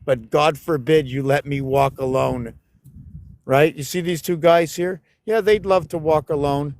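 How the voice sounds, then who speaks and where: A man's voice: on the high side, unhurried, a little mellow, dry recording. Casting: man, rambling outdoor dog-walk vlogger, muses aloud, scolds his dogs in exasperation. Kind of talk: rambling walking vlog.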